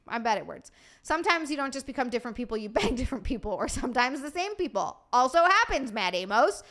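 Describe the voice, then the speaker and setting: Sleepy woman streamer rambling and cussing, kinda high pitched, bright sharp voice. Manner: chatty and scattered, swears freely. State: tired from lack of sleep. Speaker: streamer and podcast host. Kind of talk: casual livestream chat, answering viewer donations.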